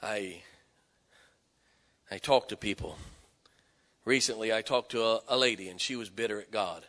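A man preaching a sermon, telling stories and swelling from hushed tones to loud exhortation. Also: on the low side, normal speed, long pauses. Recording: echoey hall with long reverb.

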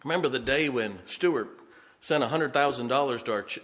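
A pastor with a mid-range voice preaches a bit quickly, mixing folksy humor and stories into his sermon. The delivery is lively, with his voice rising for emphasis.

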